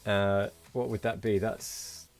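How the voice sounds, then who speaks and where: A man's voice: on the low side, level tone, slow, darkish tone, soft background music. Tired man chatting on a game stream. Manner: tired, rambling, thanking viewers. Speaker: streamer host. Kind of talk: casual live-stream chat.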